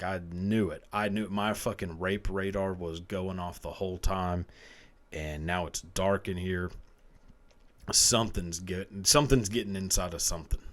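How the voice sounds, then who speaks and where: A man in his thirties, a podcast host, telling a profane, rambling comic story and laughing often. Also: fairly low pitch. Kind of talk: casual comedic storytelling.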